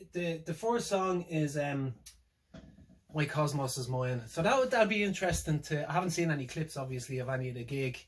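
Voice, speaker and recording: A man's voice: fairly high pitch, low-quality recording. A man talking casually on his own, reacting to a concert setlist, hesitant and rambling, with lots of fillers and restarts. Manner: wry, laughs to himself. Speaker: music fan reviewing a tour setlist. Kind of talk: casual solo reaction vlog.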